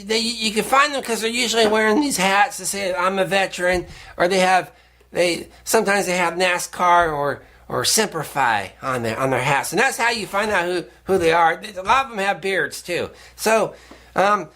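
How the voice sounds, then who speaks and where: Male public access host, high-ish voice, sharp and bright tone, loose rambling delivery. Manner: rambling, repeats and restarts words often. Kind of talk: casual rambling monologue to camera.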